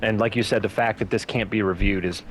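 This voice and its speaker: Low-voiced man ranting profanely about football. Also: fairly even intonation, quick pace, a little hiss or hum, poor audio. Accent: Cleveland, Ohio. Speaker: podcast co-host. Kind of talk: casual sports rant.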